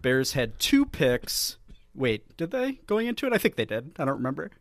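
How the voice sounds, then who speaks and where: A man's voice: medium pitch, huge pitch swings, moderate pace, no echo. A man co-hosting a casual sports podcast, talking in a joking, sarcastic way and laughing often. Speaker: podcast co-host.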